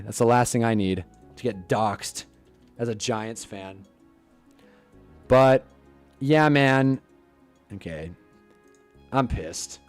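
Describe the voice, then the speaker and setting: A young man hosting a live stream, ranting casually and growing loud in outbursts. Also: fairly low pitch. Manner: frustrated, swearing, swings into loud outbursts.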